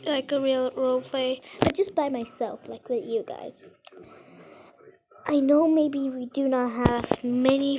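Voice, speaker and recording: A woman chatting casually over gameplay, rambling and halting with lots of fillers. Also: high voice, warm tone, muffled recording, slight background noise. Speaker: game vlogger.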